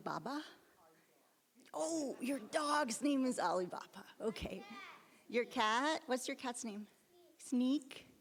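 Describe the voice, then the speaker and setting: A woman's voice: high voice, lively intonation, slow, pauses often. A woman who leads children's religious education, chatting encouragingly with children at a service. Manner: warm, encouraging questions to kids. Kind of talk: gentle chat with children. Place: church sanctuary. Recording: long hall reverb.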